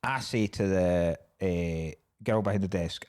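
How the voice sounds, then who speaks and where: A man's voice: low voice, fairly even intonation, normal speed, hardly any pauses, darkish tone. A man, a comedian and podcast co-host in casual chat, telling a story with lots of swearing and laughing.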